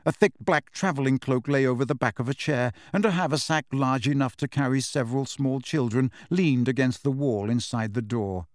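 A man narrating a storybook at a middle pitch, steady and unhurried. He shifts his voice slightly for the characters. The recording is dry and close to the mic. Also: no room sound. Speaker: audiobook narrator. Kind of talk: scripted narration.

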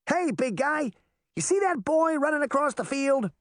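A man's voice: very high voice, expressive, normal speed, dry recording, clean studio sound, pitched above the performer's own voice. A man voicing a brash, teasing boy fairy in an audiobook. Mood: cocky. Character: cocky mischievous boy fairy. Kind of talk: audiobook character voice.

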